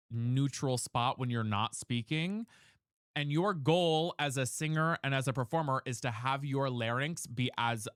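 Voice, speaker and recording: A man's voice: medium pitch, a bit bright, smooth, no room sound. Chatty young man streaming live, dry sound. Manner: chatty, reads chat aloud and explains vocal technique. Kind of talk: casual live-stream chat.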